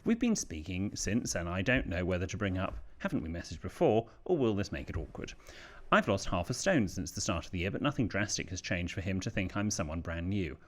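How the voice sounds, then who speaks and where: A man's voice: low voice, fairly quick. A British man co-hosting a podcast, reading listener letters aloud in a casual chat. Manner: lively, animated reading voice.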